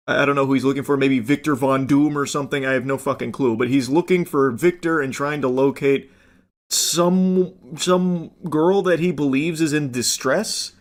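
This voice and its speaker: A man's voice: mid-range voice, fairly even intonation, moderate pace. A young man streaming, casually commenting on a clip, rambling with fillers and casual swearing.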